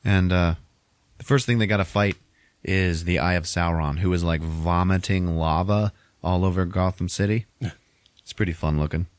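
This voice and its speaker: Podcast host, male, deep voice, casual amused movie recap with frequent chuckles, dry recording. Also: fairly even intonation, moderate pace, dry recording. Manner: chuckles often while retelling scenes.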